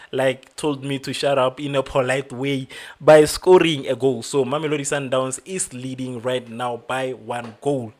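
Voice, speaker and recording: Young male livestream host, casual chatty delivery, filler-heavy, greets viewers. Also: mid-range voice. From South Africa. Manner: chatty, many fillers, reads out viewer names. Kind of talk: football watchalong livestream chat.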